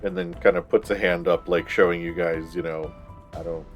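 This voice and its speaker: A man running a tabletop game as game master, explaining rules and narrating in a relaxed way with many fillers. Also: low voice, fairly quick, lo-fi sound, soft background music.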